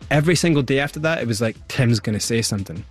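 A man's voice: medium pitch, very fast, breathy edge, soft background music. A man, a guest in an interview, telling his story animatedly and acting out the people he quotes. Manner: animated, acts out quoted voices.

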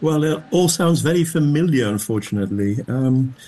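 A Dutch-speaking man from Belgium, wry and measured as a radio guest. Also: mid-range voice, lively intonation, mellow, slightly rough. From Flanders, Belgium. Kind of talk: radio discussion.

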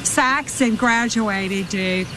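A woman's voice: on the high side, extremely slow. A boastful chatty mother. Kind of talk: TV drama dialogue. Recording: TV clip with loud background noise.

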